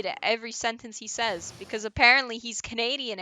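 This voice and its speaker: Woman streamer ranting about a game, loud and cursing, bright punchy voice. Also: on the high side, moderate pace, long pauses. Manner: loud, exasperated and swearing. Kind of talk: game livestream commentary.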